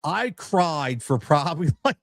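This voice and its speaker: A man's voice: on the high side, lively intonation, measured pace, gravelly, no echo, studio quality. A man hosting a podcast, telling a story in a casual, emotional way and often tossing in "man" and "right?". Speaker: podcast host.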